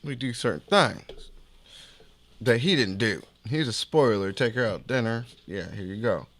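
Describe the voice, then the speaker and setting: At a moderate pace and medium pitch, a podcast host relates a street story in casual, slangy language. He keeps it animated, taking on the voices of each person he quotes.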